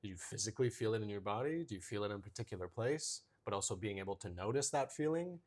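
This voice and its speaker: A man's voice: fairly low pitch, animated, fast, darkish tone. A man co-hosting a casual podcast chat, reflecting on what his co-host said and thinking aloud with hesitant phrasing.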